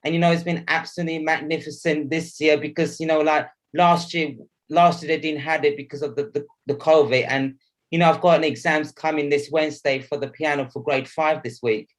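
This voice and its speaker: A man's voice: fairly high pitch, steady tone. A young man as a guest on a video call, talking in a hesitant way with many restarts. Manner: recites poem slowly, then hesitant chat.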